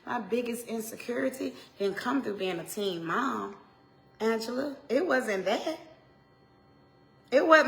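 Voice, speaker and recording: A woman minister with an Atlanta accent, preaching in a heartfelt talk that swings from hushed tones to loud exhortation, with Southern turns of phrase and repeated lines. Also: mid-range voice. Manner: impassioned, swings from hushed to shouting.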